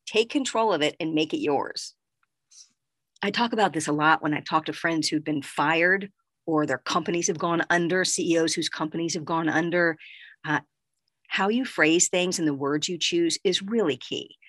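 A woman's voice: fairly low pitch, fairly bright tone, no room sound. A woman giving motivational advice in a direct, conversational way, speaking straight to the listener. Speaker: self-help speaker.

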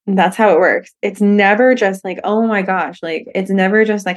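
A woman's voice: mid-range voice, brisk. A woman hosting a solo podcast, candid and profane, laughing often and acting out little voices as she talks. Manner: animated, acts out voices in quotes. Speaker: podcast host. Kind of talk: casual solo podcast monologue.

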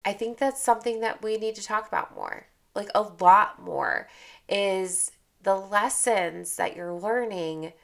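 Female podcast host, candid and chatty, slightly gravelly voice, leans on repetition. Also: medium pitch, a little slow, a bit bright. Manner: candid, chatty, repeats phrases for emphasis. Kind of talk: casual motivational monologue.

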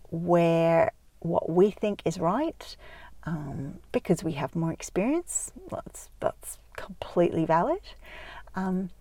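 A woman with a fairly low voice talks through parenting advice in a calm, measured way, stopping often with soft ums. The sound is dry and close, with no room around it. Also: no echo. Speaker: parenting educator. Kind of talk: podcast-style advice talk.

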